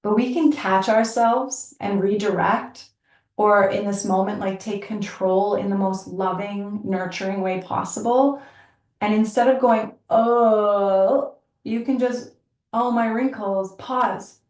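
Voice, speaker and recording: Earnest woman teacher, chatty and warm-paced, recorded a bit off-mic in an echoey room. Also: medium pitch, steady tone, measured pace. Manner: earnest, chatty, laughs often, many likes and you-knows. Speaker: yoga teacher and podcast host. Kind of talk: reflective casual talk. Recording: roomy, from a distance.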